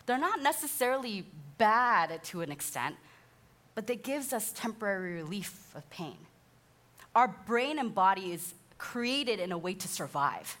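An animated woman in her thirties gives a sermon-style teaching talk, slipping into the voices she quotes and laughing often. Her pitch sits in the middle range. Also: measured pace. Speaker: speaker, counselor.

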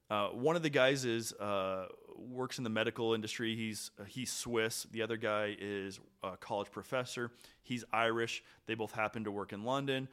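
Man, podcast host, casual storytelling, slightly low-pitched voice, halting restarts. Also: clear, resonant tone. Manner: animated, trailing pauses and restarts.

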